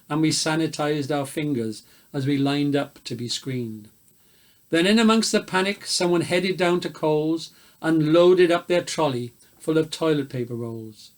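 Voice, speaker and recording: Welsh guy, south wales accent, a bit higher voice, reading a funny rhyming poem out loud, easygoing. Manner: relaxed, chatty asides with fillers before a rhythmic recitation. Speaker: poetry reader.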